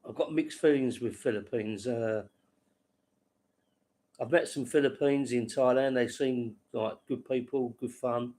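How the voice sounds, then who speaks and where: A man's voice: medium pitch, a little slow, a little mellow. A man hosting a casual late-night livestream, rambling to viewers by name and laughing at his own stories. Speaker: livestream host.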